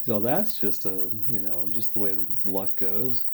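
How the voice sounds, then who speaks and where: Mellow low-voiced man recounting a race. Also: steady tone, normal speed. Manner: rambling, reflective, with many fillers and quoted dialogue. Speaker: triathlete vlogger. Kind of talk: casual vlog storytelling.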